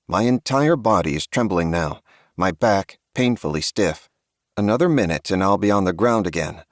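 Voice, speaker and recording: Deep-voiced man narrating a horror audiobook. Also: lively intonation, normal speed, no room sound, clean studio sound. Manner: grave, tense storytelling.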